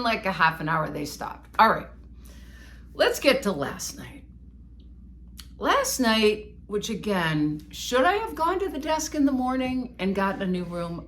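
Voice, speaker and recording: A woman co-host recounts a personal story in casual chat. Her voice is bright and forceful, and her pitch swings widely as she pokes fun at herself. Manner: animated, self-mocking storyteller. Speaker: podcast co-host.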